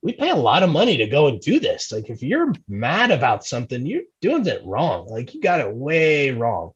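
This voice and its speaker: Guy from jersey rambling thru a story on a podcast, kinda husky, muffled lo-fi sound. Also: mid-range voice, normal speed. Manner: rambling, with many restarts and "like"; lively and laughing at his own stories. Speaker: amateur racing team member, podcast guest. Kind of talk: casual storytelling. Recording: dull, lo-fi sound.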